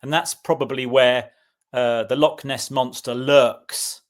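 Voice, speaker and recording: A man co-hosting a podcast, talking in a relaxed, easy way with small pauses and ums. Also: medium pitch. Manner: relaxed storyteller with ums and asides. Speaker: podcast co-host. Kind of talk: casual conversational podcast chat.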